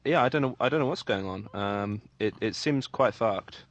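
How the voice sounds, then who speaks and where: A man chatting as a guest on a call, hesitant and filling pauses with many ums. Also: on the low side. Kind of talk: casual call chat.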